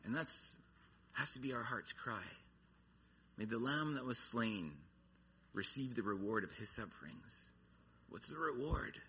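A man's voice: medium pitch, lively intonation, measured pace, long pauses, sharp tone, a little hiss or hum. A man preaching a sermon, earnest, his voice rising and falling in intensity. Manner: earnest, rises and falls in intensity.

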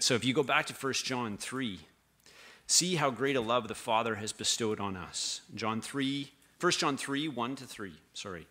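Bright-voiced man preaching casually. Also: lowish voice. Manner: conversational preaching, reading scripture with restarts and asides. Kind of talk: sermon.

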